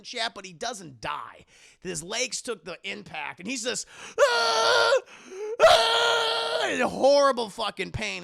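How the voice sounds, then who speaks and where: A young man retells a film to his live chat in a loose, profane ramble, jumping into shrieked character voices. His voice sits high and swoops wildly, with a strong gravelly fry. He sounds bright and close, with a dry, dead sound. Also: dry recording. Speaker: movie reviewer streaming live. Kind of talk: animated casual plot recap to a live chat.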